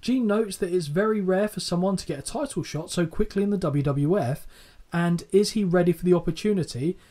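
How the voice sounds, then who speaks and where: A man's voice: sits high, a little fast, warm tone. A man co-hosting a podcast, recapping old wrestling in casual chat, swearing freely and laughing often. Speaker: podcast co-host.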